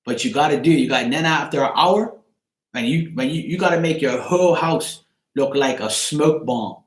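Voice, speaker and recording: In an echoey room, a live chat show host with a medium-pitched voice speaks at normal speed, giving a viewer casual live-stream advice. He's emphatic, swears freely, and keeps repeating "right?"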